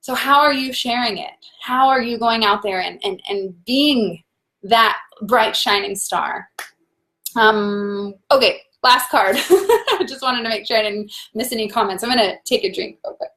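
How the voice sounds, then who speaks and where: A woman with a slightly high voice leads a live-stream tarot reading. She speaks warmly and encouragingly straight to her viewers, reads out their comments and laughs easily between thoughts. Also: animated, measured pace. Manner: warm, encouraging, talks to viewers as "guys".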